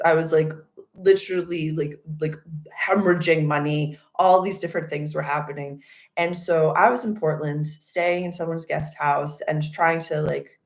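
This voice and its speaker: A young woman with a Boston accent hosting a casual astrology chat, rambling and animated as she tells stories and answers viewers. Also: low voice, vocal fry. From Massachusetts. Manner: rambling, animated storytelling with loud acted outbursts. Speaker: livestream host reading chat.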